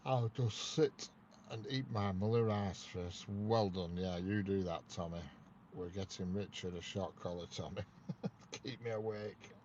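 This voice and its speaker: A man's voice: low-pitched, measured pace, a little mellow, slight background noise. A man hosting a casual livestream, joking and greeting viewers by name. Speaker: livestream host. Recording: dull lo-fi sound, faint ambience.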